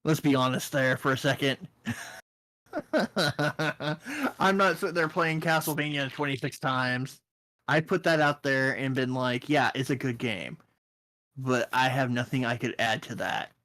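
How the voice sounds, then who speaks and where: A man co-hosting a casual podcast chat, rambling and joking, now and then slipping into high silly voices. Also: unhurried, sharp tone. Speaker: podcast co-host.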